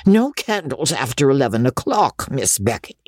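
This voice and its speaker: A reader voicing a coarse, stingy old male baronet who talks roughly and drops his word endings. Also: mid-range voice, very animated, moderate pace, dry recording, studio quality. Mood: mocking roar. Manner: rough, drawling speech with dropped endings. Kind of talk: audiobook character voice.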